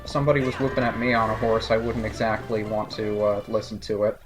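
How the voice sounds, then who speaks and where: A man's voice: fairly low pitch, flat delivery, quick pace, soft background music. A man giving casual, sarcastic commentary over a video game playthrough. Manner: sarcastic, joking asides. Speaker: let's play commentator.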